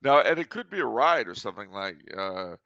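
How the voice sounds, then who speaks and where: A man's voice: lowish voice, sing-song, a little fast, pushed and bright, no echo, muffled recording. A man hosting a casual podcast chat, talking in a dry, teasing way and breaking into sung jokes. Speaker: podcast host.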